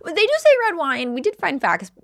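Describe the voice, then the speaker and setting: A young adult woman co-hosting a casual podcast, chatty and animated as she tells stories. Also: sits high, brisk, vocal fry. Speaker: podcast co-host. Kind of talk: casual chat.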